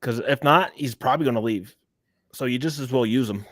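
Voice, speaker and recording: A man co-hosting a casual sports podcast, talking in an opinionated, emphatic way. His voice sits at a middle pitch. The recording is dry and close, with no room sound. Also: brisk, no room sound. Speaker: podcast co-host.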